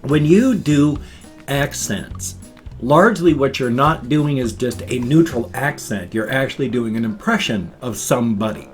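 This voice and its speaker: A man's voice: mid-range voice, lively intonation, unhurried. Folksy older man rambling in a vlog. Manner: folksy, chatty, says thumbs up often. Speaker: vlogger. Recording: faint guitar music behind.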